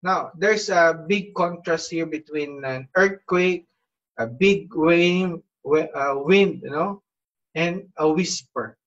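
A man preaching a devotional message in a slightly high voice, slow and unhurried. He talks earnestly and exhorts his listeners, often reaching for "you know". The recording sounds dull and lo-fi. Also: a bit bright. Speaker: pastor. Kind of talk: devotional sermon.

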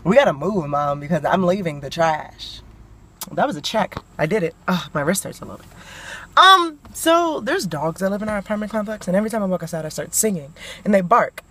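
A woman's voice: lowish voice, animated, brisk, fairly bright tone. A young woman, chatting and telling stories in a casual vlog, often giggling, partly filmed in a car on a phone camera. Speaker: vlogger. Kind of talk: casual vlog chat and storytelling.

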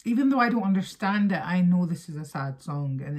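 A young woman chats through a music video reaction, openly emotional and speaking straight to her viewers. Her voice sits a little low with a husky, breathy edge. She talks in a loose, casual, conversational way. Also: animated, fairly quick, few pauses, darkish tone.

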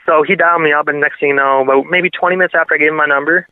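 Excitable man on a tinny phone line. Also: fairly high pitch, racing, clear, resonant tone, no echo. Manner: excitable, laughing, acts out quotes. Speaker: radio host and guest. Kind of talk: casual interview storytelling.

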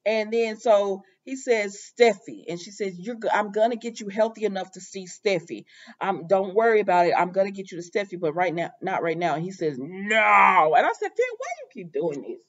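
A woman's voice: mid-range voice, moderate pace. A woman casually recapping a soap opera episode, retelling scenes with quoted lines, many fillers and exasperated asides. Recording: dull lo-fi audio.

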